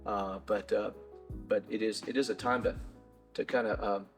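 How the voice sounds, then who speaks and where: A man's voice: on the low side, fairly even intonation, moderate pace, faint music behind. A middle-aged man, a bike shop owner, answering interview questions in a rambling way, full of restarts and fillers.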